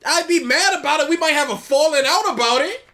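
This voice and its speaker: A woman's voice: high voice, animated, a little fast, a bit bright. A woman co-hosting a casual podcast, blunt and exasperated, mimicking lines in mock voices. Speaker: podcast co-host. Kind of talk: casual reaction chat.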